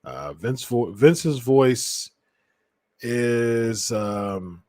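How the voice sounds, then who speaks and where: A man's voice: medium pitch, darkish tone, no echo. A man hosting a podcast, chatting casually about wrestling and often correcting himself mid-sentence. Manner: rambling, with frequent restarts and self-corrections. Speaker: podcast host.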